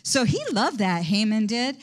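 A woman's voice: fairly high pitch, expressive, measured pace. A woman teaching a Bible lesson in an enthusiastic, rambling preaching manner. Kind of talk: sermon.

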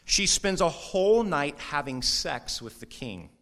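Animated preacher, somewhat high voice. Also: male voice. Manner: animated, conversational preaching with quick asides; puts on brief mock voices for quoted people. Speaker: pastor. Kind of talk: sermon.

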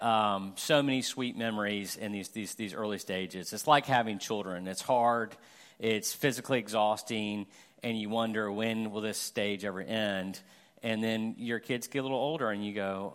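A man's voice: lowish voice, a bit bright, smooth. A middle-aged man from Florida preaching a sermon as a guest pastor, conversational and self-deprecating, acting out everyday examples with humor.

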